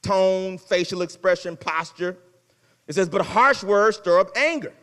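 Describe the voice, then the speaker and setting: A man preaching a sermon as pastor, conversational and folksy, swinging between loud exhortation and hushed asides. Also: sits high, unhurried, big-room sound. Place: church sanctuary.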